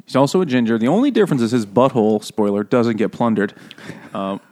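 A man's voice: mid-range voice, fast. A man in an average register retells a book's plot for his co-hosts. He swears freely and jokes as he talks. It is loose, boozy book-club banter. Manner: profane, joking, lively retelling of a plot. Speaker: podcast co-host. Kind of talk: casual book-club chat over beer.

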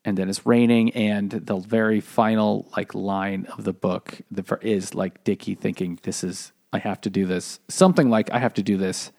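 A man's voice: fairly low pitch, steady tone, moderate pace, creaky, hardly any pauses, a little mellow, dry recording, studio quality. A man casually retelling a novel's plot on a book podcast, rambling with lots of fillers. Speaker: podcast co-host.

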